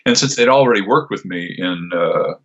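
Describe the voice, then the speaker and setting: Older man, very low voice, husky, rambling interview guest, dull lo-fi audio. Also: animated, moderate pace, fairly bright tone. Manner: rambling, many fillers and restarts. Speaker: voice actor, guest. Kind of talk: casual interview answers.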